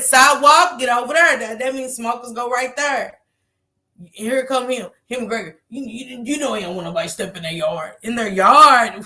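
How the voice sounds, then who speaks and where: Animated, bright-voiced woman telling a story. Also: high voice. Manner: animated, laughing often, acts out what others said. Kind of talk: casual storytelling to a live chat.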